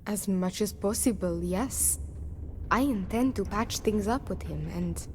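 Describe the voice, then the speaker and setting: A woman's voice: mid-range voice, a little slow, a little mellow, slight background noise, close to an everyday voice. A woman voicing a worried French-accented woman. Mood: earnest. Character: worried woman seeking a reconciliation.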